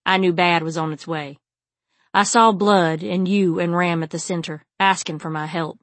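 A woman's voice: fairly low pitch, steady tone, normal speed, a bit bright, dry recording, close to an everyday voice. A woman reading the part of a troubled young woman haunted by visions, speaking with urgency. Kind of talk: audiobook character reading.

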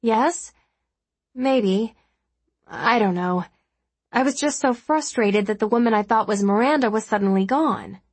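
A woman voicing an anxious, self-doubting woman flight attendant in a storybook reading, worried and halting. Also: on the high side, husky, dry recording.

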